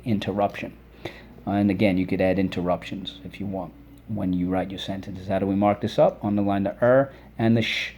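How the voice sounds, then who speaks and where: A male teacher with a somewhat low voice runs a children's phonics lesson. He is patient and encouraging, saying each word and leading the class to repeat it back. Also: normal speed, a little mellow, a little hiss or hum. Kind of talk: phonics lesson with call-and-response drills.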